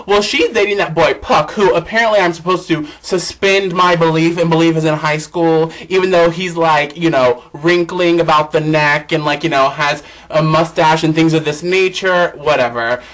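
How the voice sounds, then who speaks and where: A man dishes celebrity gossip on his vlog in a high, bright voice. He is sassy, campy and outspoken. His pitch leaps up and drops low. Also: low-quality recording. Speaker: vlog host.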